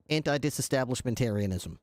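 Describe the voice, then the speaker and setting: A man improvising an interviewer in a game role-play, dry and mock-formal in his questioning. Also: medium pitch.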